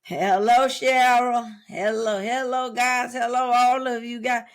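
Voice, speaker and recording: Woman mimicking a mom on a livestream, slightly high voice, repeating hellos to everyone. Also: flat delivery, unhurried. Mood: chirpy. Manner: repeats hellos to each viewer. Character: older woman greeting viewers on a livestream.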